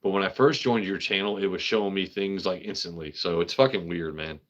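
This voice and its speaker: A man's voice: low voice, fairly quick, a bit bright, highs cut off. A man hosting a casual live stream, rambling, joking with his chat and swearing freely. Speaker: livestream host.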